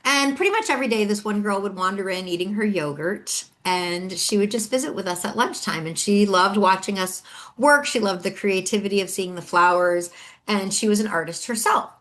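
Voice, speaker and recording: A woman's voice: medium pitch, normal speed. Chatty middle-aged woman telling a story. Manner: chatty, animated storytelling with quoted voices. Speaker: podcast host and author. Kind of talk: solo storytelling chat.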